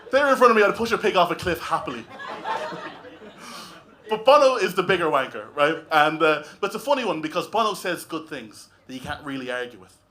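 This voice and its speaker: A man's voice: on the high side, sing-song, fairly quick, bright, forceful tone. An Irish man doing a stand-up comedy set on a club stage, talking in a wry, conversational way with lots of tag questions. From Ireland.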